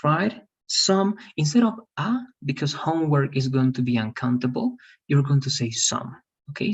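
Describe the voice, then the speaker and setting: A man's voice: mid-range voice, breathy edge. A man teaching an English grammar class, explaining step by step and often checking with "okay?" and "right?". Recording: dull lo-fi audio.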